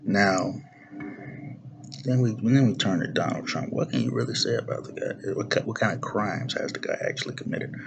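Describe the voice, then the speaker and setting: A young man vlogs a political rant straight to camera, blunt and full of profanity, often repeating himself and restarting his phrases. His fairly low voice has vocal fry and a moderate pace, and there's background noise in the recording.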